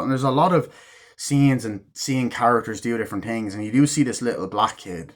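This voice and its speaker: Man of ordinary pitch for a loose, chatty spoken review that acts out quoted lines. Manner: rambling, full of fillers and casual swearing; acts out characters' lines in quick snippets. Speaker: movie reviewer.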